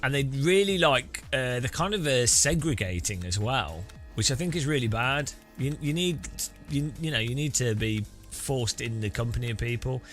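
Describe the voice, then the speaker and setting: A man's voice: mid-range voice, expressive, moderate pace, fairly bright tone, faint music behind. A man rambling casually while streaming a racing game, often restarting his sentences and chuckling. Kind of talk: casual gameplay commentary.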